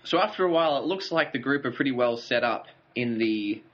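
A man's voice: mid-range voice, expressive, fairly quick. A man co-hosting a casual podcast, recounting a show's plot in a dry, wry way. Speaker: podcast co-host. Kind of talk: casual recap chat. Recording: dull lo-fi audio.

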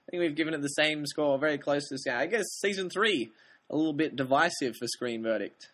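A man's voice: fairly high pitch, fast, fairly bright tone. Man co-hosting a film podcast, dry teasing. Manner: dry teasing, laughs often. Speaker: podcast co-host. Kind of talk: casual chat.

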